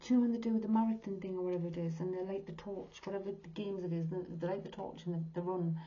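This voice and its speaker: This sixty-something medium speaks fast in a mellow, mid-range voice with a steady tone while giving a tarot reading. She sounds earnest and heartfelt and often whispers, all on a dull lo-fi recording.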